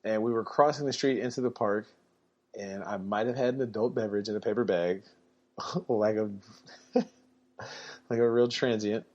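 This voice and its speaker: A man's voice: on the low side, steady tone, normal speed, long pauses, a little mellow, dull audio. A man telling a story in a laid-back way on a podcast, laughing now and then. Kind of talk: casual storytelling.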